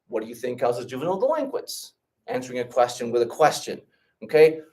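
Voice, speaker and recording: A man giving an orientation lesson through stories, animated and conversational. He keeps checking in with his listeners as he goes. His pitch moves widely through each sentence. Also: fairly quick, far from the mic. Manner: animated, checks in often with 'okay?' and 'right?'. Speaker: trip leader and teacher. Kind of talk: orientation talk with storytelling.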